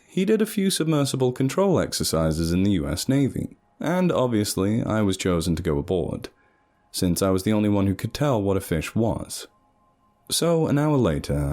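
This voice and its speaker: Low-voiced guy narrating a story, super animated and sarcastic. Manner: animated, sardonic.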